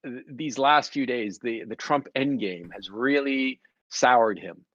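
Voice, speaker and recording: A man hosting a stream, chatting casually with a profane, rambling, animated way of telling stories. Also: mid-range voice, slow pace, dry recording. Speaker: stream host. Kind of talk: casual podcast chat. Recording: dry, dull lo-fi sound.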